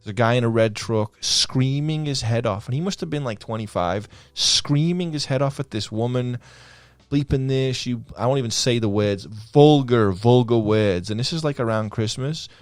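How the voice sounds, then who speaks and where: A man's voice: mid-range voice, moderate pace, dry recording. A man with a Liverpool accent, a podcast guest telling stories in casual conversation and acting out the lines of the people in them. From England. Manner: lively storyteller who acts out quoted lines. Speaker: guest, pro skater.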